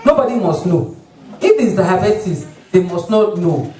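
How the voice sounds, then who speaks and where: In a spacious hall, an obstetrician with a Nigerian accent delivers an animated health talk and likes to imitate patients. The voice is medium in pitch and unhurried, recorded at a distance from the microphone with plenty of room echo.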